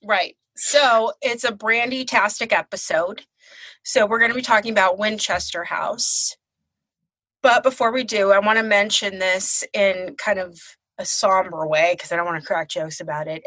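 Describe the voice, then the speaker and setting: A woman's voice: medium pitch, bright, forceful tone, dry recording, poor audio. A woman hosting a podcast, telling stories in a frank, bawdy, casual way. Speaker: podcast host. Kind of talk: casual chat.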